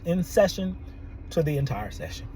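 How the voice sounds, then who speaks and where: A man, a therapist and podcast host, telling a story in an animated way, often laughing and quoting people. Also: on the high side, normal speed, slight background noise, low-quality recording. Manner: animated, laughs often, quotes people in their own voices. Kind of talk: storytelling monologue.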